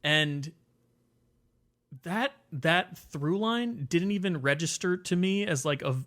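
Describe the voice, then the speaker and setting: A man co-hosting a podcast, talking about a film in a measured, analytical way with hesitant fillers. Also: fairly high pitch, fairly bright tone. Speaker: podcast co-host. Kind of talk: casual film discussion.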